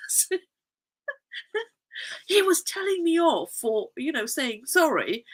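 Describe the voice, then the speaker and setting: A woman's voice: sits high, sing-song, slow, low-quality recording. A woman telling stories in a casual, effusive way, often breaking into giggles and repeating phrases for emphasis. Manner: warm, effusive, emphatic repetition. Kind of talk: casual anecdotal storytelling.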